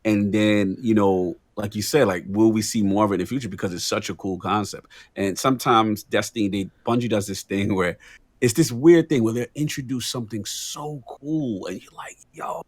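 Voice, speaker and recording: This man co-hosts a gaming podcast and chimes in with agreeable, animated riffs. His voice jumps up when something excites him. The recording is dry and close, with no room echo. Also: lowish voice. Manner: agreeable, animated, quick to laugh. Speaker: podcast co-host. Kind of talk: casual gaming podcast chat.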